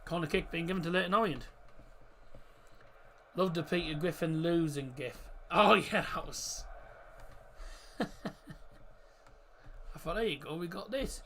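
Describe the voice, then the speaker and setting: A man's voice: a little high, slow, long pauses, a bit bright, a little hiss or hum. A man hosting a livestream, casually talking through a football match as it happens, chatty and reactive, sometimes stumbling over player names. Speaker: livestream host. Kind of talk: casual live match commentary.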